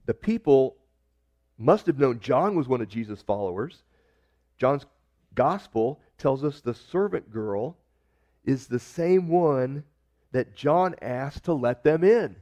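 A man preaching in a plain, mid-pitched voice, talking to his listeners as if in conversation. He acts out the scripture quotes, turning loud for one line and dropping low and soft for the next. The recording sounds slightly dull and muffled. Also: lively intonation, slow. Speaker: pastor. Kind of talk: sermon.

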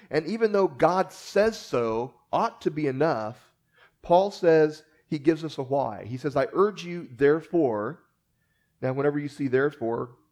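Relaxed, joking preacher, a touch high. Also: male voice. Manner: conversational preaching with jokes and frequent fillers. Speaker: pastor. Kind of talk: sermon.

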